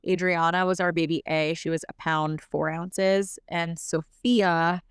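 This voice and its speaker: A young woman appears as a podcast guest, her voice slightly low, very smooth and clean. She tells her story in a fast, lively, casual way, constantly using filler words. The recording is close and dry.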